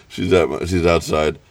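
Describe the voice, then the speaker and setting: A man's voice: deep voice, no room sound. A man co-hosting a casual comedy podcast over a call, teasing and laughing often. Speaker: podcast co-host.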